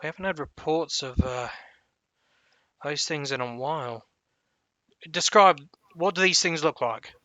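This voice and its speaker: A man voicing a gruff old male half-orc right-hand man with a bit of a Cockney accent, blunt and brusque. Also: on the high side, measured pace, pauses often, bright, forceful tone, no echo. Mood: questioning. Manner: blunt, brusque, swears freely.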